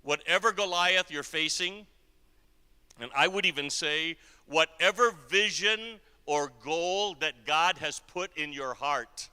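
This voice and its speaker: A man preaches to a congregation with a crisp, resonant voice that has a hard, bright edge. He tells his story with shifts between hushed and emphatic passages. His words trail into the long echo of a church hall. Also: a little high, slow. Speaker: guest preacher. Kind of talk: sermon storytelling.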